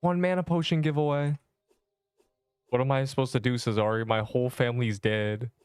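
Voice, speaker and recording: A man's voice: mid-range voice, fairly even intonation, a little fast, darkish tone, smooth, dry recording, studio quality. A young man chatting casually while streaming a game, joking with viewers and breaking into mock-dramatic outbursts. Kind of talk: casual livestream chat while gaming.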